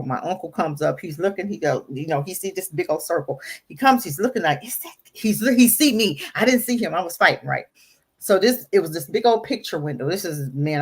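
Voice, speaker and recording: On an audio-only radio show, a middle-aged woman appears as a guest and speaks candidly about her past, emphatic and repeating phrases for stress. Her voice is low-pitched and slightly rough.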